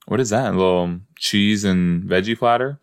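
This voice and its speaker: A man's voice: fairly low pitch, moderate pace, clear, resonant tone. A man hosting a casual watch-along podcast, chatty and full of exclamations, often trailing off mid-thought. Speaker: podcast host reacting to a sitcom.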